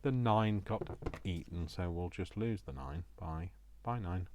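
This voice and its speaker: Heavy background noise surrounds this British man's low, unhurried voice. A crafting vlogger, he chats to himself while making a project, teasing himself along the way.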